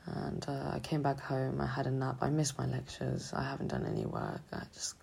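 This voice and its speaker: A young woman student talking haltingly and hesitantly in a confessional vlog, sounding drained and low on energy. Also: very animated, creaky, a little mellow, breathy edge. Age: young adult. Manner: halting, hesitant, full of restarts. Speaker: student vlogger.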